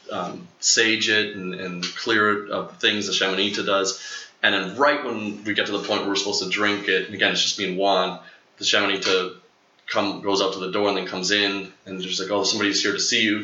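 Bright-voiced young man rambling in an echoey room. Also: deep voice, dull audio. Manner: rambling, filler-heavy, acts out quotes. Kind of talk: casual storytelling chat.

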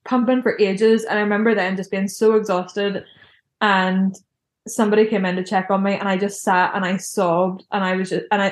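A woman's voice: medium pitch, echoey room. A young woman telling a personal story in a casual, chatty way, filling her speech with "like". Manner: chatty, heavy use of "like" fillers.

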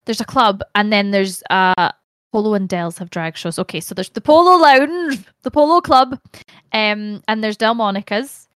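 A young Scottish woman, a podcast guest, chatting casually and telling animated stories with the odd swear word. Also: mid-range voice, normal speed, clean tone, no echo, clean studio sound. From Scotland. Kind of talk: casual chat.

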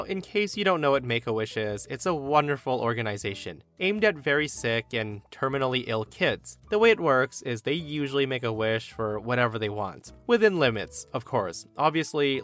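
A man narrating online stories aloud to his listeners, expressive and emphatic, often calling them guys. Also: medium pitch. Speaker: story narrator.

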